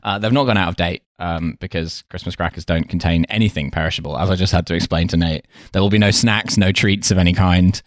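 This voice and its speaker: A man's voice: low voice, fairly even intonation, quick pace, hardly any pauses, no echo, clean studio sound. A man co-hosting a podcast in casual chat, wry and profane, laughing often as he talks. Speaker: podcast co-host.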